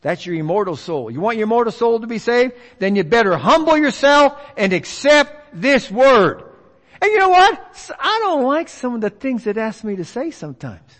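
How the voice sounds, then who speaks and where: A man's voice: very high voice, very animated, normal speed, a bit bright. A man preaching a folksy sermon, acting out the voices of others. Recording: long reverb of a large hall.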